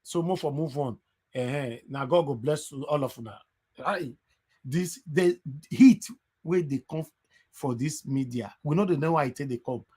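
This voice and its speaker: A male radio host with a Nigerian accent who moderates heated callers and slides between English and Pidgin. His voice is husky and pitched fairly high. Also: moderate pace, mellow. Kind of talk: phone-in talk radio.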